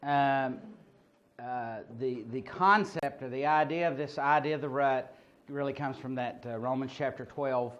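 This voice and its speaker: A man's voice: medium pitch, steady tone, unhurried, fairly bright tone. A man training people at a ministry seminar, talking informally with stories, many fillers and restarts. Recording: muffled lo-fi recording.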